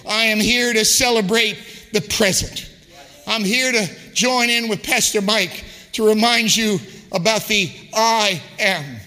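A man preaching a sermon as a guest preacher, impassioned and rhythmic, rising to shouts, in a church. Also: high-pitched, in a large hall. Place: church sanctuary.

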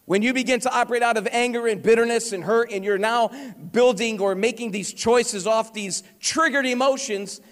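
A man's voice: very high voice, normal speed. A man preaching a sermon as pastor, earnestly warning and exhorting his congregation in a church. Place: church sanctuary. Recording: long reverb of a church hall.

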